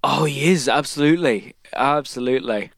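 A man co-hosting a podcast in casual chat, with a relaxed, easygoing manner. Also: medium pitch, normal speed, vocal fry, crowd noise. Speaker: podcast co-host.

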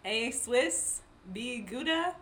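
A woman's voice: a little high, lively intonation, fairly bright tone, slight background noise. Teasing woman reading quiz questions. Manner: teasing, reads options slowly. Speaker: quizmaster. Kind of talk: playful quiz game with a friend.

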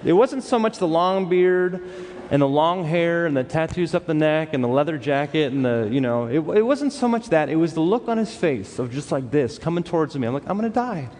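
A man from Los Angeles preaches by telling a story, acting out the voices of the people in it. His voice sits a little high for a man. It rings out with a long reverb, as in a large hall. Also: brisk. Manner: animated storyteller who acts out quoted voices. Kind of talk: sermon storytelling.

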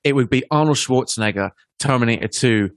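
A man's voice: medium pitch, fairly quick, dry recording. A man swapping favorite movie moments in easy conversation, laughing as he goes. The recording is dry and close, with no room sound. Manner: animated, laughs while recounting scenes. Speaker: podcast co-host. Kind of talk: casual film discussion.

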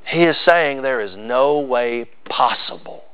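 A man's voice: mid-range voice, unhurried, clear, resonant tone, highs cut off. A male pastor, preaching a sermon with emphatic, building repetition.

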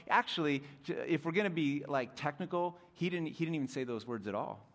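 A young adult man preaching a sermon as pastor, animated, dropping to soft intimate tones at times. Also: medium pitch, fairly quick.

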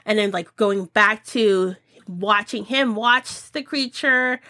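A woman hosting a podcast, chatting casually about movie picks and acting out scenes in high voices. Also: takes it slowly, sharp tone, no echo. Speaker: podcast host.

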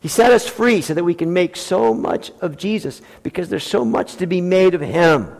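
A male pastor preaching a sermon with emphatic delivery, acting out quoted lines in animated voices. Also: high-pitched, moderate pace, vocal fry. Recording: long hall reverb.

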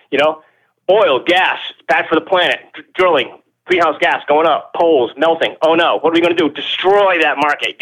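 Male interview guest, rapid and insistent, rhetorical, slightly high voice, radio-show audio. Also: a bit bright, low-quality recording. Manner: fast, emphatic, repeats words, rhetorical questions. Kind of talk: animated opinionated explanation.

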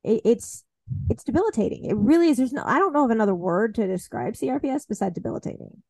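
A woman's voice: a little high, animated, quick pace, vocal fry, dark tone, no room sound. A woman hosting a podcast, telling candid stories in a wry, casual way. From Southern United States. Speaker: podcast host. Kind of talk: casual conversational interview.

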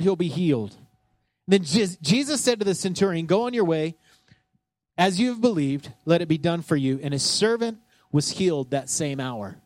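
A man's voice: fairly high pitch, lively intonation, moderate pace, darkish tone, dry recording. A man preaching a sermon, talking casually with the congregation and acting out scripture scenes. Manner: conversational, joking, asks the congregation; acts out scripture scenes in voices. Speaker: pastor.

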